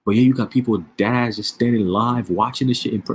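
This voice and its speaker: A man's voice: mid-range voice, steady tone, fairly quick, breathy edge. A man giving casual, profane religious commentary, streetwise and emphatic, with frequent rhetorical questions. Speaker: online preacher.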